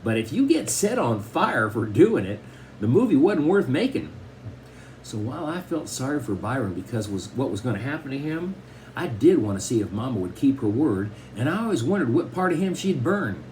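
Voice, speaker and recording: A man's voice: mid-range voice, normal speed, slight background noise. A man reading a children's novel aloud, telling it expressively in the first person. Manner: expressive storytelling, first-person boy narrator. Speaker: audiobook reader.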